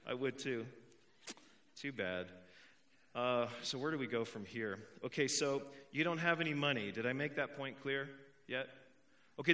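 A man's voice: fairly high pitch, pushed and bright. A young adult man preaching a conversational sermon, emphatic and repeating key points, with joking asides to the congregation. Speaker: pastor.

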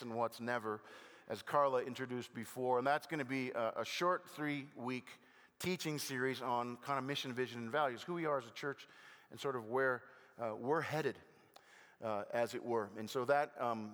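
An older man preaching a sermon as a pastor, conversational with gentle self-deprecating humor and halting restarts. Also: mid-range voice. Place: church sanctuary. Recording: long hall reverb.

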